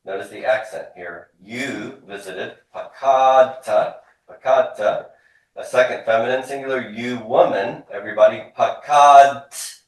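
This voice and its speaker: A man with a somewhat low voice teaches a class, explaining step by step and drilling forms aloud. He is heard from across a very echoey room. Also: normal speed, hardly any pauses, far from the mic. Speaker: Hebrew instructor. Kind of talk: classroom lecture.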